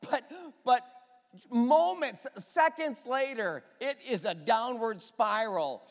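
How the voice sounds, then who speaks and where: A man preaching a sermon as pastor, emphatic and animated, with quick asides to the congregation. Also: very high voice, in a large hall.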